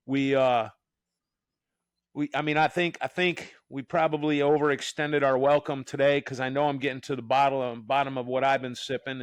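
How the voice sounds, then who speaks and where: A man hosting a podcast, telling a story in a casual, animated way, with frequent restarts and acted-out quotes. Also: mid-range voice, clean tone, no echo. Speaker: podcast host.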